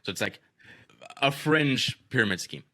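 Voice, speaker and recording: A man's voice: mid-range voice, animated, normal speed, pushed and bright, dry recording, studio quality. A young man hosting a podcast, telling a story in a rambling, profane way, full of fillers. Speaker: podcast host. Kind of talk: casual storytelling chat.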